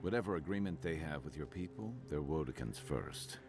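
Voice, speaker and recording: Deep, blunt game warrior. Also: male voice, brisk. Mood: grave warning. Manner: blunt, steady warnings. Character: gruff male warrior companion, blunt and wary. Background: game music.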